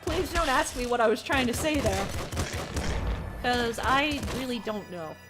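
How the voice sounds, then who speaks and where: A woman's voice: fairly high pitch, a little slow. A woman commentating on a live gaming stream in a jokey, self-deprecating way. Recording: game music behind.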